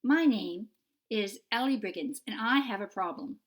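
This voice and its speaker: A woman's voice: medium pitch, expressive, moderate pace, voice pushed up, close to an everyday voice. Audiobook role: a cold, haughty middle-aged woman, read by a woman. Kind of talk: audiobook character voice.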